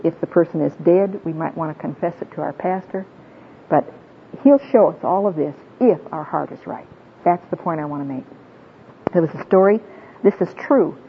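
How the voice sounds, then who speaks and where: A woman giving a heartfelt, sermon-like talk, telling personal stories in an earnest, tearful way. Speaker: Christian women's speaker. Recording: tinny phone-like sound with faint rumble.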